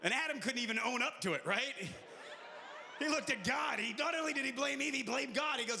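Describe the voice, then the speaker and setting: High, bright-voiced comedian in a hall. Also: male voice, fairly quick, vocal fry, slight background noise. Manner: animated storytelling, jumping into shouted character voices. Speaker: stand-up comedian. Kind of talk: live stand-up comedy. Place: live venue with audience. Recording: echoey live hall.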